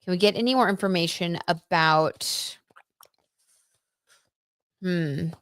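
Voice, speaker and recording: A woman reading tarot cards on a live stream in a chatty, excitable way, full of "like"s and little gasps. Her voice sits a touch low. The sound is close and dry, with no room around it. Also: slow, clean tone, dry recording. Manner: chatty and excitable, reads viewer comments aloud, gasps and many "like"s.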